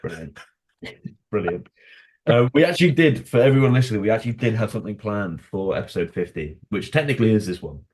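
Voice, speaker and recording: A man's voice: fairly low pitch, expressive, a little fast, darkish tone. A man co-hosting a podcast in casual chat, giving short encouraging replies and laughing along. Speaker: podcast co-host.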